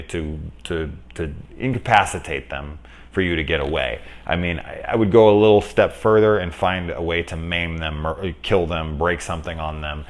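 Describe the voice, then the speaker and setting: A man talking casually through a movie review, rambling, correcting himself, and getting lively when he retells scenes. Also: deep voice. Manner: rambling, conversational, self-correcting. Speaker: film reviewer.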